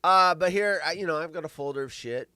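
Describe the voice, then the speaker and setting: A middle-aged man hosting a live show, rambling and swearing, with big swings between loud bursts and mumbling. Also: fairly high pitch, fast, no echo. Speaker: podcast host. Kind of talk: casual live-stream chat.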